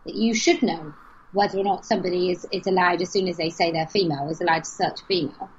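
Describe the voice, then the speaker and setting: A woman's voice: fairly low pitch, fairly even intonation, fast talker, husky. A woman, speaking frankly and telling a story as an interview guest. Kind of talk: casual conversation. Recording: dull lo-fi podcast audio.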